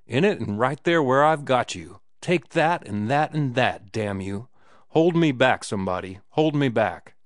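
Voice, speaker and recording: A man voicing a rough, hard-drinking laundryman who talks in loud, slangy working-class outbursts. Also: on the low side, expressive, moderate pace, no room sound, clean studio sound, natural voice. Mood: exultant.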